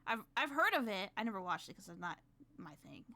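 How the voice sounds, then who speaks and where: A woman streaming a reaction to a video, talking excitably and shouting and laughing when she protests. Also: mid-range voice, fairly quick. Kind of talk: live reaction commentary.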